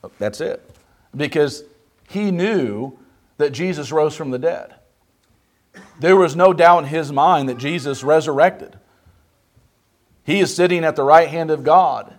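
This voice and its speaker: A man's voice: a little high, a little slow, long pauses. Emphatic man preaching to a class. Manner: asks the class questions, emphatic. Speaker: preacher leading a Bible class. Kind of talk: interactive Bible study sermon.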